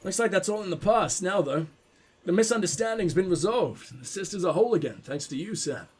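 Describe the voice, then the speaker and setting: A man's voice: sits high, expressive, brisk, darkish tone, breathy edge. A man hosting a game playthrough, reading in-game text aloud and breaking off for casual, profane, joking asides, often stumbling and restarting his lines. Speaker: let's play host.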